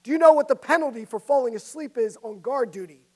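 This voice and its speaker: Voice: high-pitched, fast. A stern ancient general barks his questions, demanding and commanding, as a preacher puts him on in a sermon story. The voice stays close to the speaker's everyday tone. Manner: commanding, interrogating.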